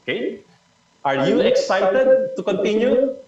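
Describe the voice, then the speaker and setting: A man's voice: sits high, big pitch swings, unhurried, a loud crowd. A man from the Philippines leading an online speaking workshop, encouraging and stressing key words as he repeats them. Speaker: presenter leading a learning session. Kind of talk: online club workshop talk. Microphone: video call. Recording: echoey distant muffled video call audio.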